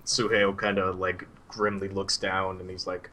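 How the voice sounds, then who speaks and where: A man's voice: low voice, flat delivery, a little slow, sharp tone. A man narrating his part in a story game casually, with many fillers. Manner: loose, filler-heavy.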